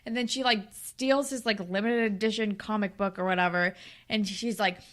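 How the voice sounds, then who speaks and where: A young woman co-hosting a podcast, casually recapping a TV episode and acting out the characters' lines in quick impressions. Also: mid-range voice, steady tone, a bit bright. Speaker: podcast co-host.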